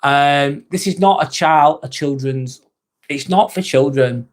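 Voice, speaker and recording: A man's voice: fairly high pitch, unhurried. A man in his forties hosting a casual live stream, rambling and chatty as he reads out and answers viewer comments, with mild swearing. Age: 40s.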